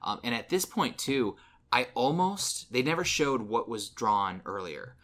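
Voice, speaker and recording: A man's voice: mid-range voice, very animated, unhurried, fairly bright tone. A man co-hosting a casual podcast, retelling movie scenes with lots of ums and restarts. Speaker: podcast co-host. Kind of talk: casual film review chat.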